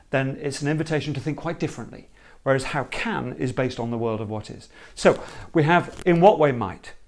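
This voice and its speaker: A man explaining a creative problem-solving method in an emphatic, animated teaching talk. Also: medium pitch, vocal fry. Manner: emphatic, animated, acts out hesitant problem owners.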